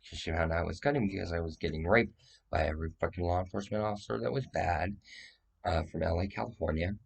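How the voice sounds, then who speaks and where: A man's voice: low-pitched, quick pace, gravelly, husky. A man giving a rambling, profane, agitated monologue that jumps from claim to claim.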